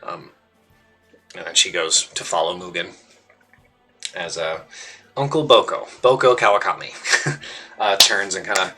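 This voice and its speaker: A man running a tabletop game, narrating scenes loosely with plenty of fillers. His voice is on the low side with a very bright, forceful edge. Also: unhurried, long pauses, husky, soft background music. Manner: loose, descriptive, with many fillers. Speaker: game master.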